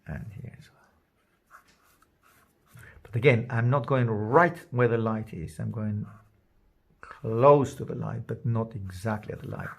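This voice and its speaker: A man giving a drawing lesson, thinking aloud as he works and trailing off into soft murmurs. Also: fairly low pitch, a little slow, gravelly. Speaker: art teacher. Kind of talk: drawing demonstration.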